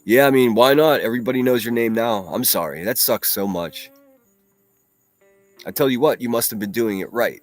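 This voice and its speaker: A man's voice: medium pitch, moderate pace, soft background music. A man hosting a casual solo livestream, reading viewer comments aloud and talking bluntly with plenty of profanity. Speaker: livestream host.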